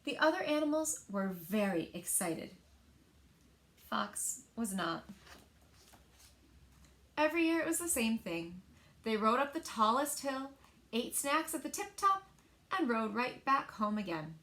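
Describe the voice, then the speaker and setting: A woman librarian reading picture books aloud to children in an expressive, sing-song storytelling manner. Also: a little high, a little slow, long pauses.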